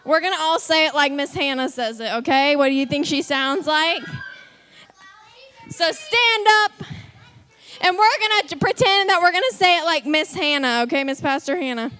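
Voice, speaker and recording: Upbeat kids' church leader, woman, high voice, coaxing. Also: animated, normal speed, pushed and bright. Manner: upbeat, coaxing, calls out countdowns. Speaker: children's ministry leader. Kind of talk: leading a kids' church lesson. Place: children's church room.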